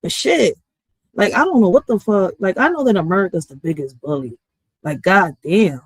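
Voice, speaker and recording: On her live stream, a woman who writes poetry goes off in a casual, profanity-heavy rant full of slang, addressing her chat directly. She sounds animated, with a medium pitch, normal speed and a slightly rough edge. The audio is low quality, with no room sound.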